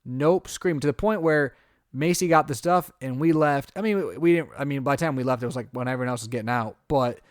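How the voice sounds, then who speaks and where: A man's voice: mid-range voice, fast, no room sound, studio quality. A man co-hosting a podcast, telling a long story in casual chat and acting out his own reactions. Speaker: podcast co-host.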